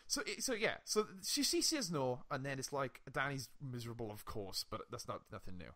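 A young man co-hosting a casual podcast, retelling a TV episode with lively swearing and frequent laughs. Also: medium pitch, fairly quick. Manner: animated storytelling, swearing, laughing often. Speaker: podcast co-host. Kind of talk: casual chat.

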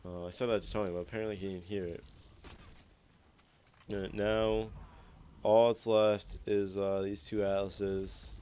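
This gaming YouTuber, a young man with a lowish, mellow voice, rambles easygoingly over his gameplay footage, swearing heavily. His tone stays level and unhurried with frequent pauses, and there's slight background noise.

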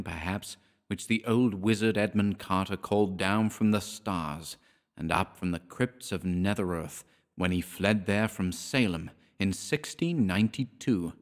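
Horror narrator, male, low register, dramatic, long reverb tail. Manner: measured, dramatic reading. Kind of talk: scripted horror audiobook narration.

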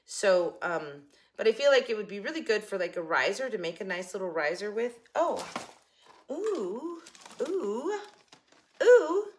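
A woman's voice: mid-range voice, animated, a little fast, slight background noise. An older woman chatting casually to camera about her shopping haul, giggling and joking with someone off camera. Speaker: haul vlogger.

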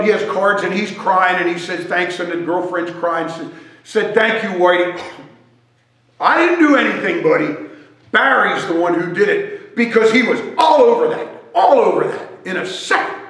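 A man telling a joking, animated story as a sermon at a church service. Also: high-pitched, moderate pace. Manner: animated, joking storyteller who wanders while talking. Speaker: guest speaker at a church service. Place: church sanctuary. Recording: echoey church hall.

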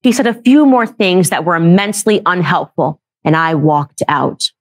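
A woman's voice: fairly low pitch, animated, moderate pace. Sarcastic woman retelling a story. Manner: sarcastic storytelling, laughs at the subject. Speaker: political commentator. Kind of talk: mocking commentary on a book.

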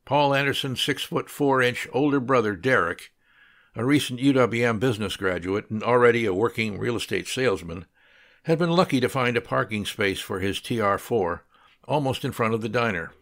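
A man narrating an audiobook with steady, scripted storytelling. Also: mid-range voice, normal speed.

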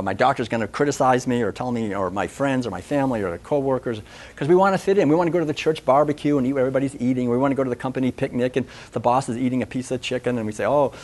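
A man giving an animated, conversational public talk at a festival, often acting out voices. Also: mid-range voice. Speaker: speaker.

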